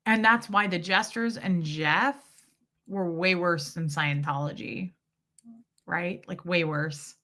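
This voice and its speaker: Bright-voiced woman chatting on a livestream. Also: on the low side, slow. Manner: candid, expressive storytelling with quoted voices. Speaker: livestream host. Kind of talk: casual chat with live viewers.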